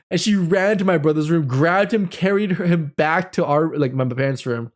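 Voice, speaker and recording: A man in his thirties telling a personal ghost story as host, animated and full of fillers. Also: fairly high pitch, moderate pace, hardly any pauses. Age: 30s.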